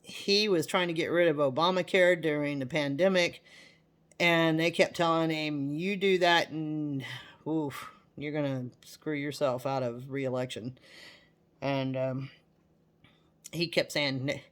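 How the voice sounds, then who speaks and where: A woman talking casually to her viewers, chatty and animated, often repeating herself. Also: deep voice, a little slow. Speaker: vlogger. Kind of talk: casual talk to camera.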